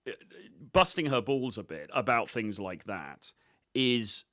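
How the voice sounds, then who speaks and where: A man's voice: on the low side, lively intonation, measured pace, a bit bright, no room sound, studio quality. A man coaching on dating, commenting on his own footage in a blunt, cocky, profane way with many fillers.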